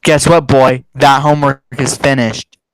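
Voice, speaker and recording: A man's voice: mid-range voice, fairly even intonation, measured pace, clear, resonant tone. A man hosting a casual livestream, joking sarcastically and reading viewer comments aloud. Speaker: livestream host.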